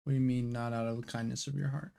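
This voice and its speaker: A young man hosts a live stream, chatting loosely and excitedly in slang as he reads viewers' questions aloud and answers them. His voice has a gravelly, fry-edged texture at an ordinary middle pitch. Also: fast talker. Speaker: streamer hosting a card game watch party. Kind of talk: casual live-stream chat.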